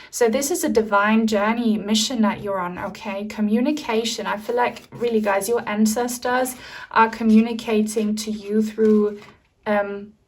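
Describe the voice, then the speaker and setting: A young woman from Germany giving an enthusiastic, chatty tarot card reading to her viewers. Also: on the high side. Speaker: tarot reader.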